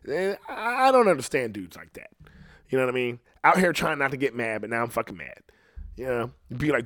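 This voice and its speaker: A man hosting a casual podcast, rambling and swearing freely, swinging between loud outbursts and low muttering into a podcast microphone. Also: big pitch swings, fairly quick, no room sound, clean studio sound. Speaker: podcast host.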